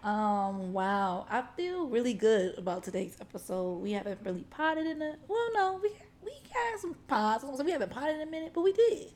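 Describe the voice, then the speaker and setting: A woman's voice: a little high, big pitch swings, normal speed, few pauses, a little mellow. A woman co-hosting a podcast at a friend's house, chatting casually with playful, joking banter. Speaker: podcast co-host. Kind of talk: casual chat.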